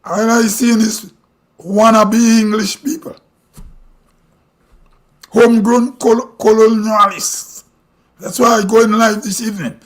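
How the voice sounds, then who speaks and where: Live-stream host, Grenadian man, very high voice, blunt opinionated rant. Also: flat delivery, takes it slowly, pauses often. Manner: blunt, ranting, rhetorical questions. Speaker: livestream host. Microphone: streaming mic.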